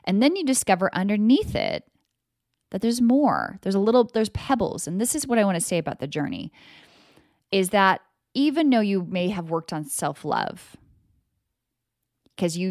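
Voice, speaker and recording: Woman, podcast host, energy coach, low voice, emphatic, casual swearing, dry close mic. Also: no room sound. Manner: emphatic, swings into loud mock voices. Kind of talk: motivational solo podcast talk.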